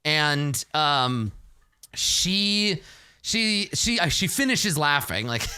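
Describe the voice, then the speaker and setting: A man's voice: a little high, takes it slowly, smooth, no echo, clean studio sound. A man thinking aloud and poking fun at his own bad rolls while he plays a solo tabletop game. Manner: animated, self-deprecating, thinks aloud.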